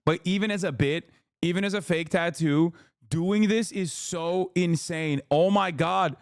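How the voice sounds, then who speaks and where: Man, live-stream reaction host, blunt profane slang, higher voice, dry close sound. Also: unhurried, clean tone, no echo. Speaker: streamer reacting to news clips. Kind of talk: casual live-stream commentary.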